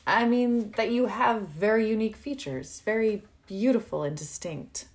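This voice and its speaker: A woman's voice: medium pitch, expressive, normal speed, voice pushed up, lightly acted. A woman voicing a flustered, charming young male college student who is apologetic and bashful, in a read-aloud story.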